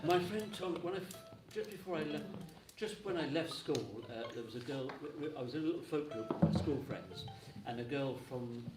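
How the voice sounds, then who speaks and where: A man's voice: a little high, animated, fairly quick, few pauses. Jokey man hosting a live music session. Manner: jokey, self-mocking, stumbling restarts. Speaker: session host. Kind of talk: casual chat between tunes. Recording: echoey hall from far off, live music.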